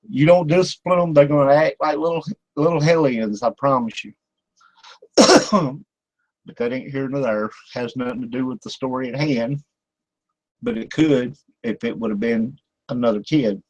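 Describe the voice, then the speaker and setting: A man's voice: medium pitch, a little slow, long pauses, no room sound, rough recording. Folksy older man with a drawl, dry sound. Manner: folksy, rambling, laughs often, many fillers. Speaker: radio show host. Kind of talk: casual talk-radio interview.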